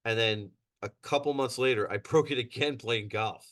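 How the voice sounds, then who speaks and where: A middle-aged man, a podcast guest, telling stories in a lively casual way, laughing and acting out quotes. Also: medium pitch, moderate pace. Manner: animated, laughs through his stories, acts out quotes. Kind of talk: casual storytelling.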